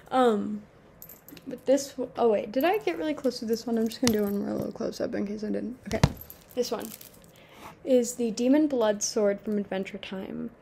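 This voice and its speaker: A woman's voice: on the high side, vocal fry, a little mellow, a little hiss or hum. Rambling nineteen-year-old woman. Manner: rambling, swearing, self-mocking. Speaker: vlogger. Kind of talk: casual chat. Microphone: camera mic.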